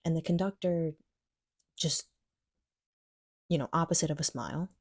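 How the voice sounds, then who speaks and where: A woman's voice: low voice, moderate pace, slightly rough, dry recording, studio quality. A young woman telling a personal story in a casual vlog, chatty and full of "like" fillers, acting out her own thoughts. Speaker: vlogger.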